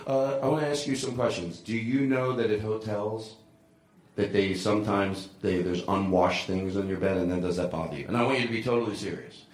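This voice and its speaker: A man's voice: fairly low pitch, brisk, echoey room. A man hosting a live comedy show, rambling and joking with lots of profanity and laughter. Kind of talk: loose live comedy banter.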